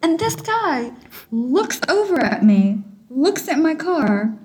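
A woman's voice: high voice, sing-song, slow, darkish tone. A woman hosting a podcast in casual chat, telling a story with lots of laughter and animation.

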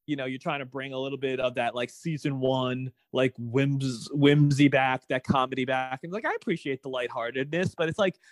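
A man's voice: medium pitch, no room sound. A man co-hosting a podcast, giving opinionated, rambling takes in casual talk about a TV show. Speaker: podcast co-host. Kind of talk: casual TV episode discussion.

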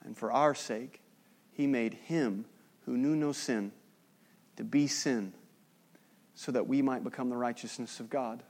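A man preaching a sermon as pastor. He talks conversationally, drops in joking asides, and moves between loud emphasis and hushed, solemn passages. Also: medium pitch, fairly even intonation, unhurried, long pauses.

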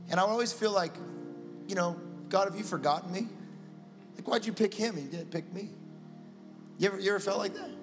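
A pastor preaching a sermon in a church, telling stories and acting out the dialogue in them. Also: male voice, high voice, fairly quick, long pauses, long reverb tail, over music. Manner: storytelling, acting out dialogue with God.

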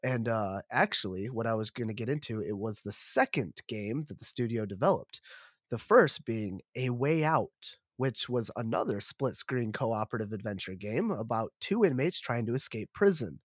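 Man co-host with a sick, rough voice, reads notes steadily, medium pitch, dry. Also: animated, moderate pace, no room sound. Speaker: podcast co-host. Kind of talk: casual chat, reading notes.

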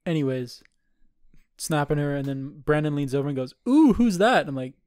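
A man's voice: medium pitch, level tone, a little fast, a little mellow, smooth, dry recording. A man in his twenties, co-hosting a podcast and telling a rambling, profane party story in casual chat. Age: 20s. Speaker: podcast co-host.

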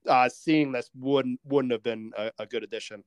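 A man co-hosting a casual movie podcast, relaxed and chuckling, peppering his talk with "like". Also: mid-range voice, normal speed, smooth, no room sound, highs cut off. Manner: relaxed, chuckling, uses "like" a lot. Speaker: podcast co-host.

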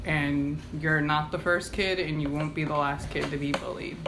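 A woman's voice: deep voice, fairly even intonation, moderate pace, noisy background. Rambling woman on a podcast. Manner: rambling, filler-heavy storytelling. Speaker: podcast co-host. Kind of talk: casual podcast discussion.

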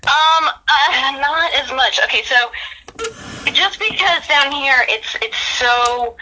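Southern woman, bright tone, giggly rambling podcast chat, light hiss. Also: sits high, takes it slowly, poor audio. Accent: Southern American. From American South. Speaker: podcast guest. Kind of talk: casual chat.

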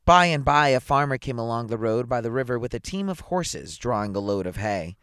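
A man reads a children's tale aloud in a playful, expressive way, slipping into chatty asides. His pitch rises and falls a lot, and the recording is close and dry with no room sound. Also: dry recording. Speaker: storyteller. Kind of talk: children's story read aloud.

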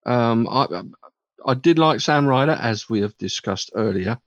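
A male radio host chats casually, giving blunt, dismissive verdicts with frequent ums and restarts. His voice sits at a middling pitch. The studio sound is dry and a little dull. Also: expressive, moderate pace, dry recording. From England. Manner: blunt, dismissive reviews, lots of fillers. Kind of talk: casual chat on a radio show.

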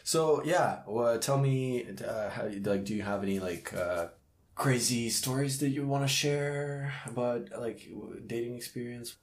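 A man's voice: medium pitch, a little slow. A man who hosts comedy shows, chatting casually with a self-mocking, rambling manner and frequent laughter. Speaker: comedy show host. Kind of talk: casual podcast chat. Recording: echoey room.

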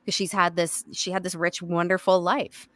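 A woman's voice: on the low side, normal speed, no echo. A woman voice actor and podcast guest, telling stories animatedly and acting out the lines she quotes. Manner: animated storyteller who acts out quoted lines. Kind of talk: casual podcast chat.

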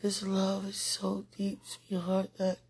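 A woman podcaster giving a slow, earnest, deeply emotional devotional monologue. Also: monotone, darkish tone, breathy edge.

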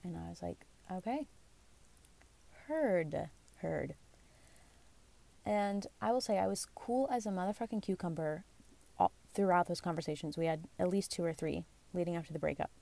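Young woman vlogger, casual confessional storytelling, candid and rambling, gravelly and mellow tone. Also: lowish voice, fairly even intonation, quick pace. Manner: candid, rambling, self-deprecating, lots of fillers. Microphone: phone or basic mic.

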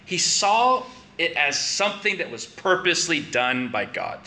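A man's voice: fairly high pitch, big pitch swings, a little slow, sharp tone, slight background noise. A man preaching a conversational sermon, building to emphatic questions.

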